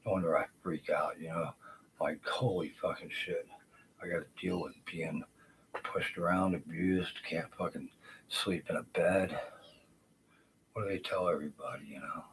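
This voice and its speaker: A man with a very low voice rants in an agitated, profane ramble, sometimes trailing off into mutters. He talks into a handheld phone in his kitchen, and the recording carries a clear hiss of noise behind him. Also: fairly even intonation, moderate pace, poor audio. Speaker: vlogger. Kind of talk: unscripted rant to camera. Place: home kitchen, indoors.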